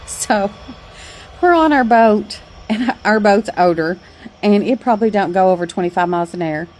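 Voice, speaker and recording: A woman's voice: medium pitch, animated, moderate pace, a little mellow. A middle-aged woman telling a story on her porch in a chatty, folksy way, laughing along. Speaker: vlogger. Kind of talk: casual storytelling.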